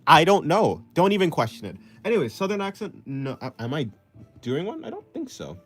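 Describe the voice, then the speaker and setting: A man's voice: a little high, huge pitch swings, fairly quick, fairly bright tone. Young guy drawing on stream, rambly, laughs at himself a lot, voice bounces up and down, faint music behind. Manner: rambling, self-deprecating, laughs often. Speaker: artist streaming while drawing. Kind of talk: casual chat reading viewer comments.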